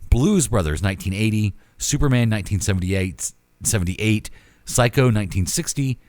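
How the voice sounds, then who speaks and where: A man's voice: on the low side, lively intonation, moderate pace, a little mellow, no room sound. A man co-hosting a podcast in casual chat, reading out a list of favorite films with their years. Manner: reads a list of film titles and years. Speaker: podcast co-host.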